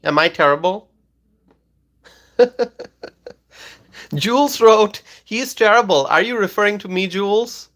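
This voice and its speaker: Man, slightly high voice, political livestream host, insistent, repeats himself, lots of uh and um. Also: a bit bright. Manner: insistent, repeats phrases, many fillers. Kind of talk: livestream commentary reading chat comments.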